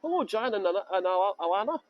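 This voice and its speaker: A man's voice: high voice, very animated, very fast, lo-fi sound. A man guiding a live walking tour outdoors through city streets. He chats and jokes with viewers while holding a phone. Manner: chatty, jokey, laughs often, answers viewer comments. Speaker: tour guide. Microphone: handheld phone.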